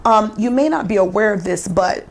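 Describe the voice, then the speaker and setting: Earnest female TV guest, gravelly voice, faint hiss behind, moved while telling her story. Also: medium pitch, lively intonation, moderate pace. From United States. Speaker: foundation founder, guest. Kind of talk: morning TV interview.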